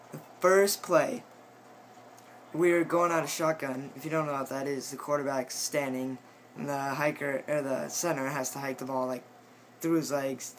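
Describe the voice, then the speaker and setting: A teenage boy, a high school football player, telling a rambling story in a casual vlog, full of fillers and restarts. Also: steady tone, normal speed, a little hiss or hum, rough recording. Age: teens.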